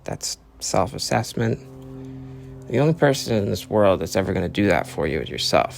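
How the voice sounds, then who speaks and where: Gravelly, profane young podcast host. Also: male voice, fairly low pitch, expressive, fairly quick. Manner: profane, rambling, earnest lecturing. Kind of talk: casual solo monologue.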